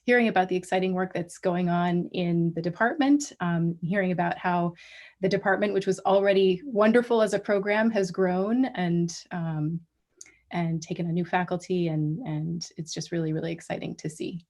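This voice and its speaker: A woman giving an academic colloquium talk over a video call, measured and full of small restarts. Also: fairly low pitch, fairly even intonation, darkish tone. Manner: measured, many ums and restarts. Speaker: guest lecturer.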